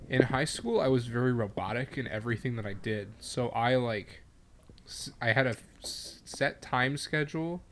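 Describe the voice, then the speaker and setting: A tipsy man in his early twenties talking haltingly in casual chat, repeating himself. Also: mid-range voice, a bit bright, a little hiss or hum. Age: early 20s.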